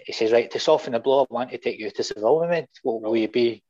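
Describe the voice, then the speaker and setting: A man's voice: medium pitch, fast talker. Storytelling Scottish man, muffled recording. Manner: animated anecdotes with swearing and voiced quotes. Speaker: guest fan. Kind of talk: casual storytelling.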